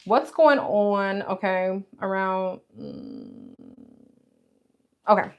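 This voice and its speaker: A woman's voice: mid-range voice, wildly swooping pitch, very slow, gravelly, lo-fi sound. Chatty New York woman reading tarot. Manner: chatty, addresses viewers as girl and guys. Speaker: tarot reader. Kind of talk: live-stream tarot reading. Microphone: phone. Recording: echoey room, faint hiss.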